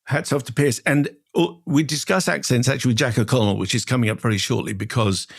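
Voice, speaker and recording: A man co-hosting a film show, chatting casually and reading out listener emails with a quick laugh. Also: mid-range voice, gravelly, dry recording, clean studio sound. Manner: brisk, laughs easily.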